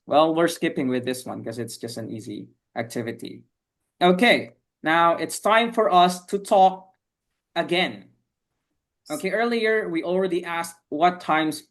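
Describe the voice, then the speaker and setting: An English teacher running an online class, encouraging and patient, often saying "okay, very good". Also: medium pitch. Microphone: video call.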